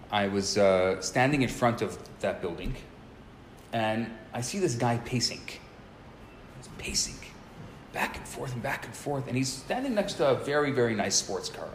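A man in his forties, a rabbi teaching a live class, telling a story in a lively way and often restarting and repeating words. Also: mid-range voice. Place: classroom at a community center. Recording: roomy live recording with faint noise.

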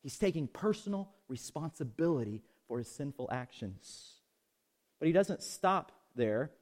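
A man preaching a sermon, swinging from loud emphatic peaks to soft low asides and leading the congregation in call-and-response. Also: very animated, unhurried. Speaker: pastor. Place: outdoors.

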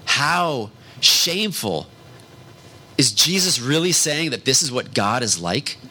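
Guy preaching, bright clear voice, earnest, slows way down on the big points. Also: mid-range voice, sing-song, low-quality recording. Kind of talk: sermon.

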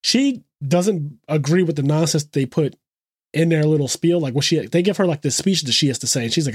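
Podcast co-host, male, higher register, lively storyteller, dry booth sound. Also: husky, no room sound. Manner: animated retelling, quick asides, frequent swearing. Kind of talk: casual chat.

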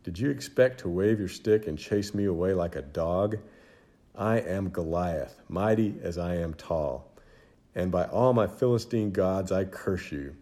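A man voicing a huge, boastful giant warrior who taunts and laughs at his foe in a children's Bible storybook. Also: dark tone. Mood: mocking. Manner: booming, taunting, slow menacing laughter. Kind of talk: storybook character voice.

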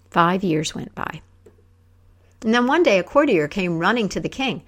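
Lively woman telling a folk tale. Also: mid-range voice, moderate pace, pauses often. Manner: lively, acts out characters. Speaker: storyteller. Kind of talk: oral storytelling.

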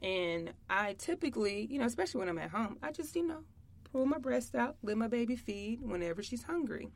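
A young woman co-hosting a casual podcast about motherhood, chatty and quick to laugh. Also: a little high, animated. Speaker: podcast co-host. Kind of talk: casual chat.

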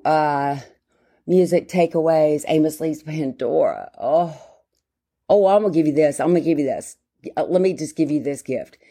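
A woman's voice: deep voice, warm tone, breathy edge. Rambling woman in her fifties. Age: 50s. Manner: rambling, self-interrupting, many fillers. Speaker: podcast host. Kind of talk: casual solo chat.

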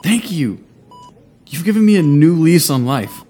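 A man's voice: lively intonation, unhurried, warm tone, faint music behind. A man voicing a shaken young male hospital patient who speaks earnestly and emotionally. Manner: earnest, emotional, higher than his own voice.

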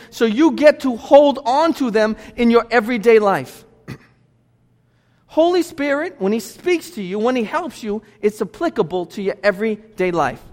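High-voiced preacher in a reverberant church. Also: male voice. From United States. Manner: lively, conversational preaching with rhetorical questions. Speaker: pastor. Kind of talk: sermon. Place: church sanctuary. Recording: church hall with long reverb.

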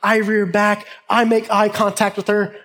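A man's voice: sits high, monotone, a little slow, fairly bright tone. A man delivering a sermon through a personal childhood story. He tells it with humor and animation, talking straight to the congregation. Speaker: pastor.

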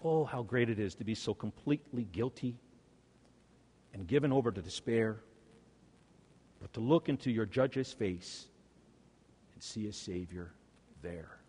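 Pastor preaching in a reverberant church. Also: male voice, husky. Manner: swings between loud, slow emphatic peaks and quiet, low endings. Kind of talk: sermon. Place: church sanctuary. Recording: long hall reverb.

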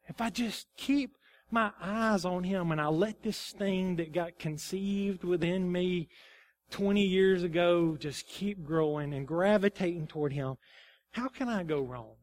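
High-voiced male pastor preaching. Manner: emphatic, then confessional and subdued. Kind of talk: sermon.

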